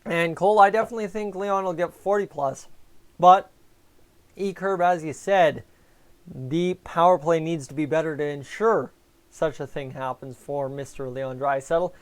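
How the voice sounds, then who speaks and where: A man's voice: fairly high pitch, moderate pace, clear, resonant tone. A young man hosting a live fan stream, chatting casually about the game and answering viewers by name over a headset mic. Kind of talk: casual fan commentary and chat replies.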